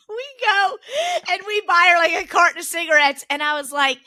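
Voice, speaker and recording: A young woman co-hosting a podcast, telling family stories in a casual, animated way, laughing often and acting out what relatives said. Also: high-pitched, moderate pace, raised voice. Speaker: podcast co-host. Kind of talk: casual chat, storytelling.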